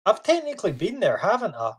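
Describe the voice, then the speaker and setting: A player plays a gruff orc who keeps people at arm's length. The delivery is curt and defensive, at a middling pitch. It stays close to the player's own voice. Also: huge pitch swings, fast talker, full character voice. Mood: guarded.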